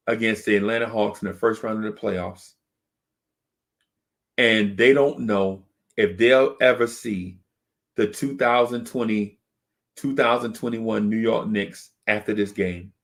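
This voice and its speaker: A man hosting a fan video channel, telling a story to build hype and asking "right?" again and again. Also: on the low side. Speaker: YouTube channel host.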